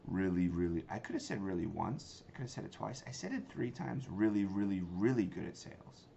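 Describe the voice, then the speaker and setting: Gravelly low-voiced sales coach. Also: male voice, animated, brisk, mellow. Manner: casual, emphatic, conversational. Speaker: sales trainer and company founder. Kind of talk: instructional talk with demo lines. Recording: slightly dull lo-fi sound, faint noise.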